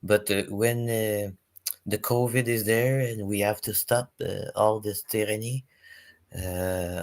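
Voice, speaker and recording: A man with a Quebec French accent talks casually in halting English, French being his first tongue. His voice sits on the low side, and he breaks into higher mocking quotes. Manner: animated, broken English, mock quotes in high voice. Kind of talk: casual chat.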